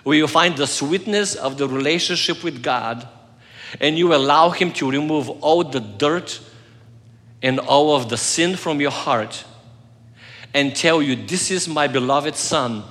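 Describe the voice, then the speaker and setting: A pastor delivering an earnest sermon, telling a personal story and swinging between loud passages and soft, hushed moments. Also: male voice, medium pitch, unhurried, big-room sound.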